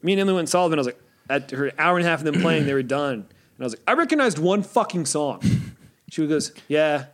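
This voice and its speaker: A man's voice: fairly high pitch, very fast. A man co-hosting a podcast in crude, joking casual banter, swearing freely. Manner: profane, joking, lively. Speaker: podcast co-host.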